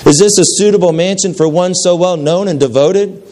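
A man's voice: fairly high pitch, normal speed, a little mellow, pitched above the performer's own voice, close to an everyday voice. A man voicing a proud, indignant older man who stammers out earnest protests about his good deeds during a story reading. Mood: resentful.

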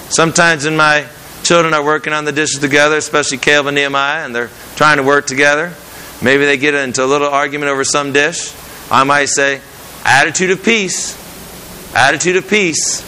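A middle-aged man delivers a sermon, earnest and measured, leaning on repetition to drive each point home. His voice is very bright and sits a little high. A faint hiss runs under the recording. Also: low-quality recording. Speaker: preacher.

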